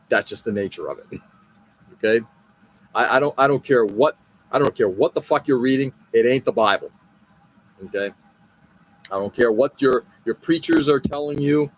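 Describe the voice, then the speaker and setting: A man from the United States hosting a live show, venting in a frustrated, blunt and profane way, often restarting his sentences. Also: mid-range voice. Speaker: podcast host. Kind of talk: casual political rant on a live show.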